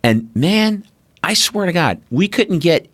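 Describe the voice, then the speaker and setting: Guy, middle-aged, podcast host, super animated storyteller, does little voices for quotes, dry close sound. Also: fairly high pitch, slow pace, dry recording. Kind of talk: casual chat.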